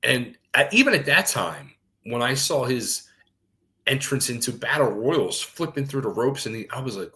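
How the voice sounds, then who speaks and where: Animated middle-aged man telling stories. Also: mid-range voice, normal speed. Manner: animated storyteller, swears freely, acts out quoted voices. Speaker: co-host, former wrestler. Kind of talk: casual podcast chat, storytelling.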